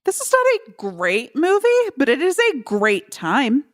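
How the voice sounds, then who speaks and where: A woman co-hosting a podcast, adding quick, jokey, supportive remarks in casual chat. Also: high-pitched, huge pitch swings. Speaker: podcast co-host. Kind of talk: casual chat about a movie.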